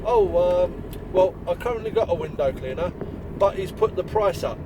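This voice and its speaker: Mild, surprised woman customer, East Midlands accent, as a man quotes her, high voice. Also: expressive, moderate pace, background noise. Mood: plain.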